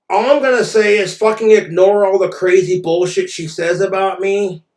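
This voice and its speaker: A man's voice: high-pitched, fairly even intonation, moderate pace, hardly any pauses, a little mellow, roomy sound. A man ranting in a vlog monologue, aggrieved and profane. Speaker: vlogger.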